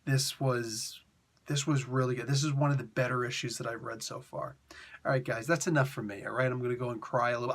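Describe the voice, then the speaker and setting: Animated, jokey male comic reviewer. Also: medium pitch, a little fast. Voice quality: animated, jokey, self-interrupting.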